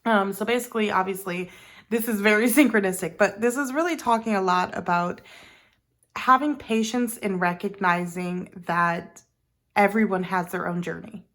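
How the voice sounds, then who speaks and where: Chatty creaky-voiced woman tarot reader. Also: mid-range voice, normal speed, fairly bright tone. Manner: chatty, meandering, with many ums and self-corrections. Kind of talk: casual pick-a-card tarot reading.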